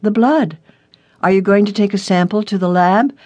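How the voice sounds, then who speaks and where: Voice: medium pitch, moderate pace, darkish tone, close to an everyday voice. A narrator voicing a frightened young woman, a college student, in an audiobook story, reading her lines anxiously.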